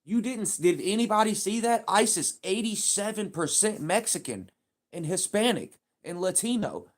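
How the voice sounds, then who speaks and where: A man's voice: high voice, expressive, moderate pace. A man live streaming, talking in a casual, heated and profane rambling rant.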